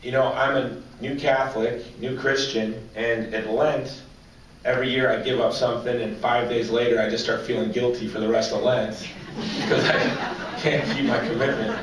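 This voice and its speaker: A man in his forties giving a humorous personal story speech at a banquet, as an animated, joking storyteller. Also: mid-range voice, moderate pace. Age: 40s. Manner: joking, animated storyteller drawing audience laughs. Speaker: banquet speaker. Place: large banquet hall with audience. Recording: echoey hall, distant mic, faint noise.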